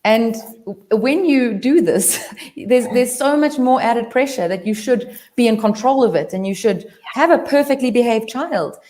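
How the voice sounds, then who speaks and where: A woman's voice: a little high, lively intonation, normal speed, mellow. A woman from South Africa in casual panel chat, talking earnestly in long rambling stretches with many fillers and restarts. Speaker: panel member. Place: video call.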